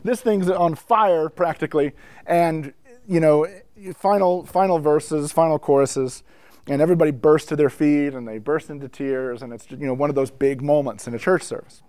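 Man telling a story to church musicians, slightly high voice. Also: moderate pace, smooth, no echo. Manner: storytelling, frequent asides, builds up excitement. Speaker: speaker addressing church musicians. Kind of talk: conversational teaching talk. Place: indoor room with a whiteboard.

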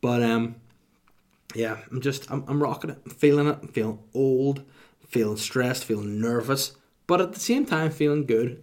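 A man in his thirties hosts a solo podcast, talking to the mic in a loose, rambling way. His humor is crude and self-mocking. His voice sits in a mid pitch. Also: a little mellow. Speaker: podcast host. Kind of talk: casual solo podcast monologue.

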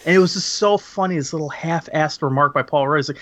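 A man's voice: on the high side, a little fast, a bit bright. A man chatting casually and crudely about a horror film, laughing often as he rambles through the plot.

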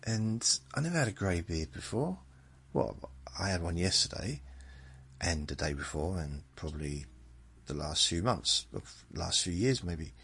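Slow, deep-voiced older man rambling. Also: animated, gravelly, fairly bright tone, husky. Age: 70s. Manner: meandering, self-mocking, drawn out. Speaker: podcast host. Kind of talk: rambling bedtime monologue.

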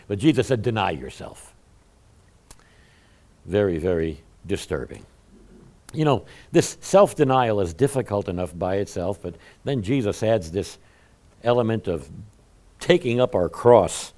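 A man preaching a sermon in a folksy, conversational way, often swinging from quiet asides to loud emphatic lines. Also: fairly low pitch, very animated, moderate pace.

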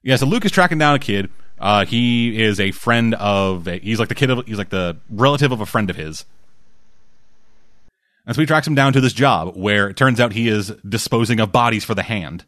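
A man's voice: lowish voice, expressive, normal speed, no echo, studio quality. A man chatting casually about movies and shows, rambling and swearing, with lots of restarts. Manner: rambling, profane, acts out quotes loudly.

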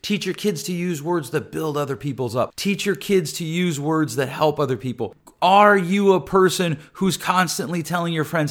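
A man's voice: on the high side, lively intonation, brisk, bright, forceful tone. A middle-aged man talking earnestly and conversationally as a podcast host, often restarting his sentences. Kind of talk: podcast monologue.

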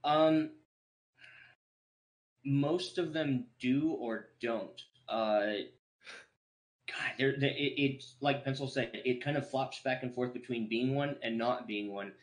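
A man's voice: mid-range voice, takes it slowly. A man co-hosting a casual podcast, rambling through an explanation and losing his thread.

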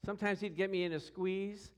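Man preaching, storytelling sermon, middle-aged, fairly high voice, animated delivery. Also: brisk. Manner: animated, acts out quotes with shouts and growls.

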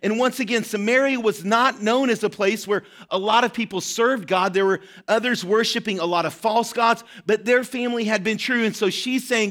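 A man's voice: high voice, normal speed, a bit bright. A man preaching a sermon, earnest and direct, often checking in with his listeners and voicing a widow's desperate pleas with rising urgency. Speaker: pastor.

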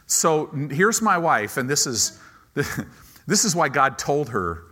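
A male pastor preaching a sermon, telling a personal story, swinging between loud emphatic bursts and quiet asides. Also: a little high, big pitch swings, takes it slowly. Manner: preacher's repeated emphatic contrasts.

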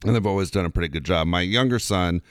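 A man in his forties in casual chat who is relaxed, laughs often and swears freely. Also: low-pitched, fast, dry recording, studio quality.

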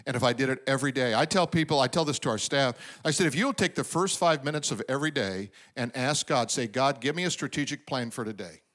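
A man's voice: mid-range voice, quick pace, hardly any pauses, a bit bright. A man preaching a sermon, drawing out the crowd with asides and acting out quotes. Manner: preaching with call-and-response asides and acted-out quotes. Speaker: pastor.

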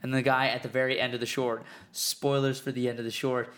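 A man's voice: medium pitch, a little fast. A tired man in casual chat about movies, rambling with many restarts and fillers. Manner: rambling, animated, drops into mock voices.

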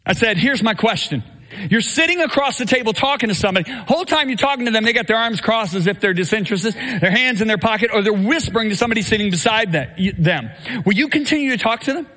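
A middle-aged man preaching a sermon live in a church, telling a story with lively quoted voices. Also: high-pitched, fast. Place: church sanctuary. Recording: live church recording with long reverb.

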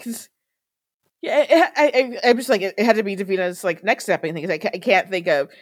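A woman co-hosting a podcast in casual chat, animated and laughing, with quick asides. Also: mid-range voice, breathy edge. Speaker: podcast co-host.

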